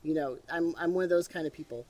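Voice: medium pitch, quick pace, mellow, far from the mic. An interviewer in their fifties with a lozenge in the mouth after a cold, talking in a rambling way full of restarts. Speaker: interviewer and radio host. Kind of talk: casual interview chat.

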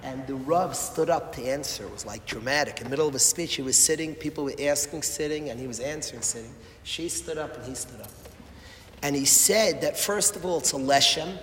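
A man giving an emotional sermon, impassioned and repetitive, swinging from loud appeals to hushed words. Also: mid-range voice, fairly quick, a little hiss or hum. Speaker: rabbi or Torah speaker. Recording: echoey hall, faint ambience.

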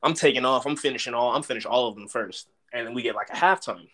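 A man's voice: medium pitch, fast. A young man from Dallas, a former college football player, casually telling stories in a podcast interview and acting out what people said. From Dallas, Texas. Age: young adult. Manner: animated storyteller, acts out quotes loudly.

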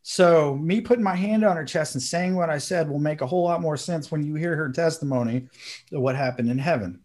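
A man co-hosting a podcast, telling a story in casual chat and acting out the quotes with sudden high bursts. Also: brisk, a little mellow. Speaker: podcast co-host.

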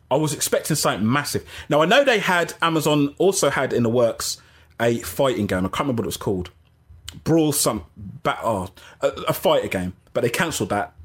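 A man hosting a casual gaming livestream, rambling and animated, often interrupting himself. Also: medium pitch, husky. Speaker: gaming channel host.

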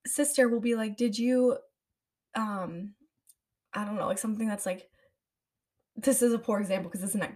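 Chatty young woman rambling casually. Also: a little high. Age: young adult. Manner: rambling, chatty, often laughing mid-sentence. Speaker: podcast host. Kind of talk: casual chat.

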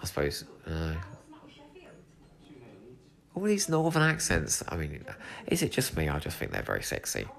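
English male podcast host, low voice, chatty and fired up, swears casually. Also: huge pitch swings, moderate pace, creaky, pauses often, a bit bright. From England. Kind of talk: solo episode commentary. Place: home room with a cat.

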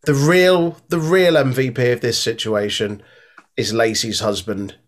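A man's voice: medium pitch, steady tone, measured pace. A man co-hosting a casual podcast, bantering and swearing freely. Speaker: podcast co-host. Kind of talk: casual chat.

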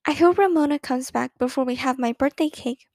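Storybook girl of ten, shy and thoughtful, soft and hushed, pitched high, read by a woman narrator. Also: fairly quick, dry recording, clean studio sound. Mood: hopeful.

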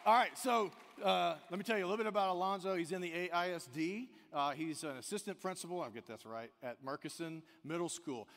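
A man from the American South preaching a sermon in a church, animated, swinging between loud emphasis and quiet intensity. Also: fairly high pitch, fast talker, hardly any pauses. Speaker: pastor. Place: church sanctuary. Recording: long hall reverb.

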